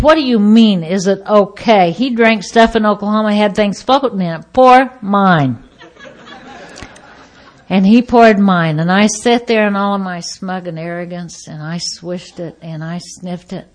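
A woman sharing her personal recovery story at a meeting, acting out the voices of the people in it and swinging between loud outbursts and hushed asides. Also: on the low side.

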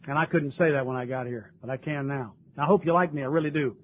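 A man's voice: mid-range voice, very fast, hardly any pauses. Earnest older man, tinny lo-fi tape. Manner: earnest, emotional, tearful at times. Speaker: speaker sharing his story at a recovery meeting. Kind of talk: recovery meeting talk. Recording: tinny lo-fi recording with faint noise.

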